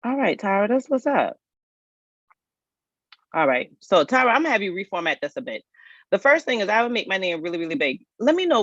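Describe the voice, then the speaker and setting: A woman's voice: on the low side, vocal fry, dry recording. A woman coaching people through resumes on a livestream. She talks in a folksy, chatty way, straight to her viewers. Her computer mic gives a dry, slightly dull sound. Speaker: HR career coach hosting a live resume review. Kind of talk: casual livestream chat.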